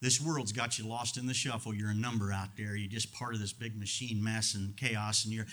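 Emphatic pastor preaching, bright voice. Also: male voice, on the low side. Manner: emphatic, swings from loud to hushed. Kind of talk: sermon.

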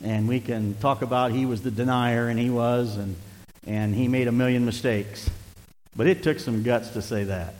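A man's voice: mid-range voice, fairly even intonation, normal speed, a little mellow. Man preaching in a reverberant church. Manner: conversational preaching with self-deprecating asides and chuckles. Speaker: pastor. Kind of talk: sermon. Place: church sanctuary.

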